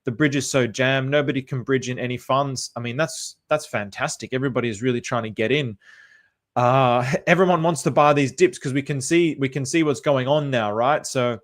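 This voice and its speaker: A man's voice: mid-range voice, fairly quick. An Australian man hosting a casual livestream, chatty and upbeat, greeting viewers by name and repeating phrases as he talks. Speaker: livestream host.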